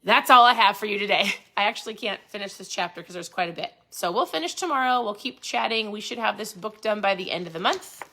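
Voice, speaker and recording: Woman, channel host, casual book talk, animated, motivational, crisp bright tone. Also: medium pitch, fast. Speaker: host of a keto lifestyle channel.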